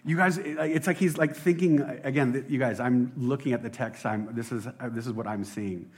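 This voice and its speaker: A man preaching a casual sermon as a pastor, excitable and rambling, often laughing at himself. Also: mid-range voice, normal speed. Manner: excitable, rambling, self-deprecating.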